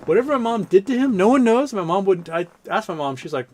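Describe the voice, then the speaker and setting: Hosting a casual livestream, a man reads chat messages aloud and spins long, rambling, profanity-laced stories. His voice is high and expressive with a darkish tone, and he talks at a quick pace.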